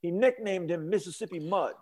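A man's voice: high-pitched, a little fast, darkish tone. A man co-hosting a casual sports talk show, telling stories and ranting emphatically. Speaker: podcast co-host.

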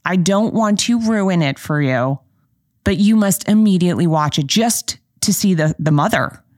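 A woman's voice: lowish voice, lively intonation, normal speed, darkish tone, no room sound, studio quality. A woman hosting a podcast, telling stories in a candid, chatty way with playful asides. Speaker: podcast host. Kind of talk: casual solo podcast chat.

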